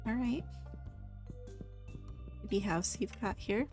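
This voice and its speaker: A young woman giving relaxed, chatty commentary while playing a farming game. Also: medium pitch, slow pace, faint music behind. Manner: relaxed, chatty, giggly asides. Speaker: gaming video host. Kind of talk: casual gameplay commentary.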